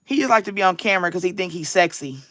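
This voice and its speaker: A woman's voice: on the low side, animated, rapid-fire, a bit bright, dry recording. A woman, talking casually and sarcastically to her livestream viewers, with a preacher-like cadence. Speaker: livestream tarot reader.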